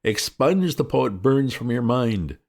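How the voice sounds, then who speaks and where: A man plays a breezy young gentleman in a storybook reading. The voice is excitable and flippant, with lots of lift and fall in pitch. It keeps a rough, gravelly texture. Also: moderate pace. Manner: bright, excitable chatter.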